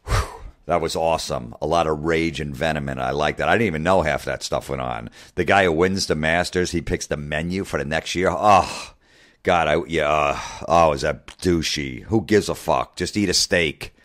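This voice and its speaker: A man's voice: rumbling low, moderate pace, a bit bright. A man hosting a podcast, talking casually in a profane, ranting, sarcastic way. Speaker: podcast host.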